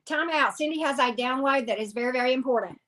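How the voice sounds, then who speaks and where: Southern woman, live-stream tarot host, high and sharp, upbeat greeter. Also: quick pace. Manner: greets viewers by name, upbeat and chatty.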